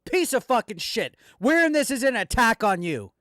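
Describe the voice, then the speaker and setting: This commentary host speaks in a very high, sing-song voice, bright and forceful at normal speed. He rants angrily and profanely, addressing a rival directly in a piece of heated reaction commentary. The audio is dry.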